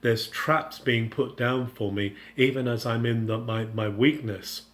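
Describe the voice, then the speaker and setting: Earnest male Bible teacher, halting delivery. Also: medium pitch, fairly even intonation. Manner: earnest, paraphrasing the psalm in the first person; unscripted, with frequent halting restarts.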